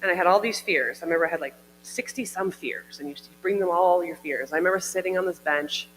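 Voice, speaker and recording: A woman's voice: fairly low pitch, fast, a bit bright, soft background music. A woman giving a heartfelt personal testimony at a church service, chatty and full of "like" and "I remember". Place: church hall. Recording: hall reverb with faint mains hum.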